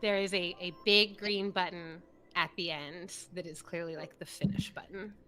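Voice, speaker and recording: A woman narrating a tabletop game as game master, animated and rambling, laughing often. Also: on the low side, normal speed.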